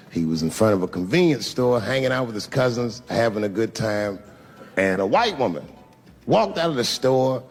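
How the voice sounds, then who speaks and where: A male stand-up comedian with a lively voice that leaps between loud outbursts and hushed asides. His profane storytelling carries through a large reverberant hall, with faint music underneath. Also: lowish voice, slightly rough. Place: stage in a large venue.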